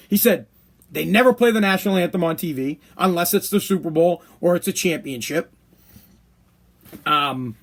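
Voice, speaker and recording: A man hosting his own podcast, ranting bluntly in a casual monologue and swearing often. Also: high-pitched. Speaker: podcast host.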